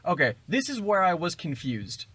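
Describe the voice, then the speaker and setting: Bright-voiced man recapping a film. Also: high voice, sing-song, moderate pace, breathy edge, no echo. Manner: rambling, jokey retelling with acted quotes. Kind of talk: casual chat, recapping a film.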